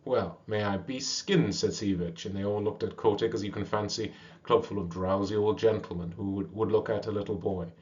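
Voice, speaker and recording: Guy reading a story aloud, lowish voice, dull lo-fi audio. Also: a little fast. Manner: steady reading with small slips. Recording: dull lo-fi recording.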